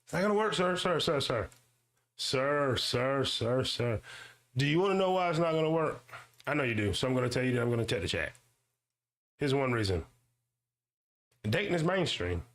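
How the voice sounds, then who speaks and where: A man hosting his own show, ranting and swearing in slang, repeating himself and mocking others in high-pitched voices. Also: lively intonation, normal speed, pauses often. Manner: loud swearing rant with slang and repetition. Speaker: YouTube show host. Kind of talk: ranting commentary monologue.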